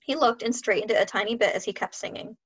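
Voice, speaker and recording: A woman reading a children's novel aloud in a steady, clear storytelling voice. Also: a little high, quick pace. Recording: dull lo-fi sound.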